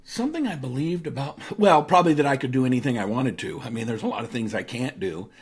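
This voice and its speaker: Animated storytelling man in his fifties. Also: mid-range voice, fast, slightly rough. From Seattle area, United States. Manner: animated, anecdotal, frequent fillers. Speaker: guest, speaker and author. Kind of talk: casual interview storytelling.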